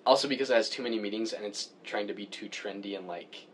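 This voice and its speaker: Low-ish guy ranting casually bout pet peeves, gets worked up, bit of faint noise behind. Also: fast talker. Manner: opinionated, grumbling about pet peeves; animated, pitch jumps when worked up. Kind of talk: casual chat.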